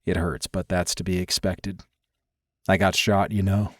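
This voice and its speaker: A man voicing a wounded, dominant male lover, speaking in low, firm, clipped commands with a hushed growl. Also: level tone, unhurried, no room sound, studio quality. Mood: low, commanding.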